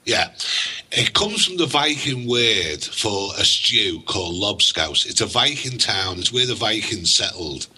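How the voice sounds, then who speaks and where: Chatty Scouse man with a husky voice. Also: fairly low pitch, big pitch swings, unhurried, bright, forceful tone, low-quality recording. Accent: Liverpool (Scouse). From Liverpool, England. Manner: chatty storyteller, proud and wry. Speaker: guest. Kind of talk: casual radio chat.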